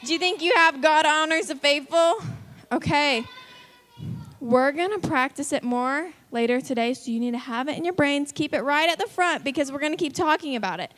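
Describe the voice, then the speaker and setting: A woman's voice: high-pitched, moderate pace, a bit bright. A woman leading a kids' church lesson, upbeat and coaxing as she calls out countdowns to the children. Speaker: children's ministry leader.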